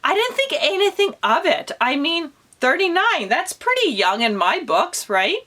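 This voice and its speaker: Chatty higher-voiced woman around forty. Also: big pitch swings, measured pace, bright, forceful tone. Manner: chatty and candid, with many fillers such as "like" and "you know". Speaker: homesteading vlogger. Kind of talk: candid personal vlog.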